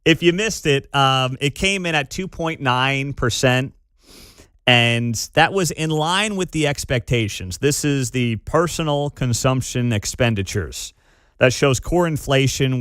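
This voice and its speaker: A man hosting a morning talk radio show, animated and opinionated, with quick laughs. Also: medium pitch, clean tone, dry recording, clean studio sound. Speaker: radio host. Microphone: studio microphone.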